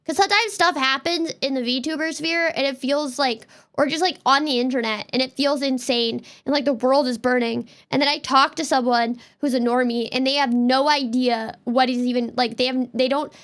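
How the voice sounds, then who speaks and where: A woman's voice: high-pitched, steady tone, a bit bright. A woman streamer from Canada giving casual, rambling gameplay commentary with an exasperated edge. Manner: rambling, exasperated, fast-talking. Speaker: VTuber streamer.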